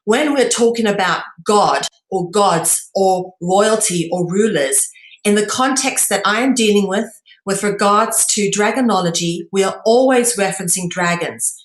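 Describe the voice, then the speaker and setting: Woman, mid pitch, measured explanatory talk, frequent ums, reverberant room. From South Africa. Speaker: presenter. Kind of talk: lecture-style presentation.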